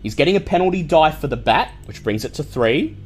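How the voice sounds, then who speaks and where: A man narrating a tabletop game as game master, in a measured, descriptive way. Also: a little high, lively intonation, breathy edge, faint music behind.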